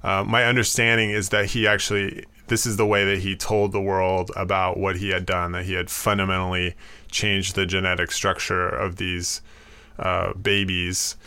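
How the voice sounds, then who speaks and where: A man giving explanatory commentary in a low, fairly flat voice. His tone is bright and crisp, and he talks in a halting, thoughtful way with frequent fillers and restarts.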